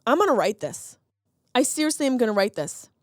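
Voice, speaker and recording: A sarcastic woman in her thirties hosts a comedic podcast, riffing on odd news. Her voice sits a little high and animated in pitch. She is recorded close and dry, with no room sound. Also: fairly quick, dry recording. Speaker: podcast host. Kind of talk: comedic solo podcast monologue.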